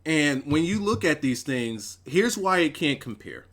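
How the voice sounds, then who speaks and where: A young man talks through a wrestling show on a casual livestream, his voice sitting a bit high and swinging widely up and down. He swears freely and repeats phrases to hammer home his points. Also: measured pace. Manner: animated, profane, emphatic repetitions. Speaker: wrestling show reviewer, host.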